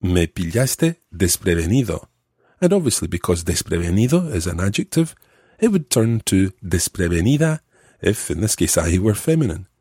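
A man's voice: low-pitched, big pitch swings, moderate pace, mellow, slightly rough, no echo, clean studio sound. A man hosting a language podcast, patiently explaining grammar while stuffed up with a cold.

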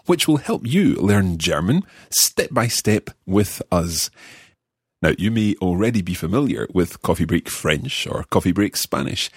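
A man hosting a podcast language lesson, guiding it in a friendly, measured way as he learns along. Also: low-pitched, slightly rough, dry recording, clean studio sound. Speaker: language course host and learner.

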